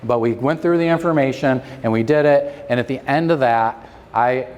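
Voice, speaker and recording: A middle-aged man, a chiropractor, telling a story at a convention seminar in a joking, self-deprecating, animated way. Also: medium pitch, moderate pace, smooth. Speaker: chiropractor giving a seminar talk. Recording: long reverb of a large hall.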